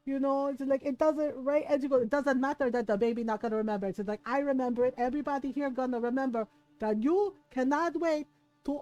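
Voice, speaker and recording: A woman's voice: high-pitched, a little fast, mellow, muffled recording, faint music behind. A woman from the United States, streaming a game while casually telling a family story, acting out quotes and laughing often.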